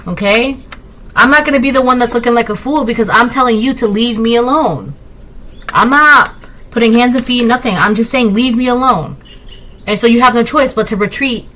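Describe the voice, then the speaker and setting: In a high-leaning, fairly bright voice, a woman talks a little fast through a casual tarot reading, caught on low-quality audio. She's emphatic and repetitive, frequently tossing in "right?" as a rhetorical aside.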